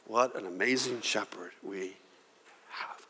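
A middle-aged man preaching a sermon as pastor, earnest and emotional, often halting and restarting his words. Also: on the low side, pushed and bright, slightly rough. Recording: long reverb of a church hall.

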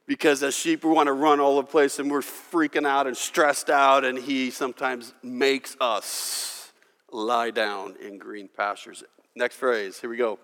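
A man preaching a sermon as pastor, swinging from loud emphasis to hushed, intimate tones and leading the congregation in reciting verses aloud. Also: mid-range voice, moderate pace, long reverb tail. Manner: leads the congregation in call-and-response recitation.

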